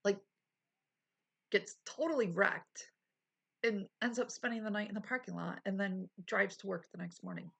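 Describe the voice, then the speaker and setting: A woman's voice: mid-range voice, big pitch swings, moderate pace, vocal fry, long pauses, slightly rough. A woman streamer chatting casually with her live chat, laughing often and full of exclamations, at a desk mic.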